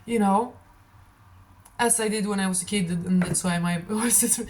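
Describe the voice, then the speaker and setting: A woman with a hoarse, tired throat giving a rambling, emphatic tarot reading to camera, repeating affirmations. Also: mid-range voice, steady tone, a little fast, a little mellow, a little hiss or hum, poor audio. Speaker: tarot reader.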